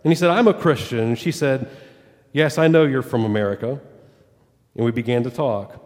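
A man's voice: medium pitch, moderate pace, a little mellow. A male pastor tells a story from the pulpit. His voice sits in the middle range and rises and falls with the quoted exchanges. The church hall carries it in a long, lingering reverb. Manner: retells a story with quoted dialogue, rising and falling with it. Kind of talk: sermon storytelling.

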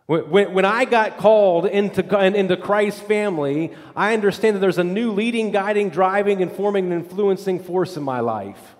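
Male pastor, sermon delivery, high-pitched, rhythmic repetition, long hall reverb. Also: normal speed, few pauses. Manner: repetitive, emphatic cadence, drops voice low and soft for scripture.

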